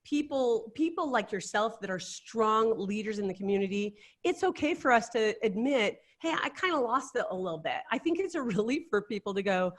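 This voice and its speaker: A woman's voice: on the high side, a little fast, hardly any pauses. A middle-aged woman, a life coach, telling candid stories in casual chat. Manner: animated storyteller, candid and chatty.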